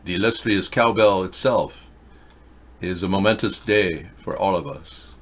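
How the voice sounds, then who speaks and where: A man hosting a political talk show, ranting in a rambling monologue, lurching from loud high outbursts to low mutters. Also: a little slow. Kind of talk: rambling live-stream monologue.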